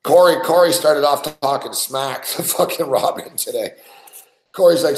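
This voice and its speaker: A man hosting a sports betting show tells profane stories about guests during casual studio banter, laughing often. His voice is medium-pitched at a moderate pace, and the low-quality recording sounds reverberant.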